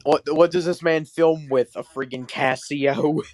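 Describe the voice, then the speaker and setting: A man's voice: a little high, steady tone, unhurried, a little mellow. A man hosting a comedy podcast, reading fan fiction aloud with sarcastic, swearing asides. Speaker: podcast host.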